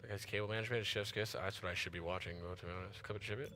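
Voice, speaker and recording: A man giving chatty, excitable live commentary while playing a game, tired after an early start. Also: deep voice, very fast, slight background noise. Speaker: gaming streamer.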